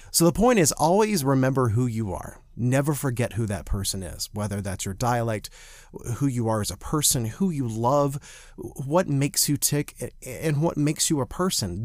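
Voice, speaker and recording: A man from the Southern United States co-hosting a podcast, an actor telling animated, self-deprecating stories and giving advice. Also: lowish voice, no room sound, studio quality. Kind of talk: casual chat with advice.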